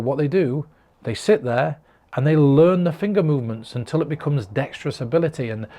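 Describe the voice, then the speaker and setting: Addressing the viewer directly through a camera recording himself, a mentalist from the north of England shares heartfelt, encouraging performance advice. His voice is fairly high and a little mellow.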